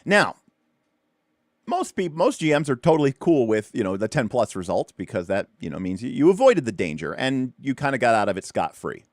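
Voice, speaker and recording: A man's voice: medium pitch, sing-song, brisk, no echo, studio quality. A man hosting a tabletop game livestream, explaining rules in a loose, rambling way with lots of fillers and restarts. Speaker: tabletop RPG show host.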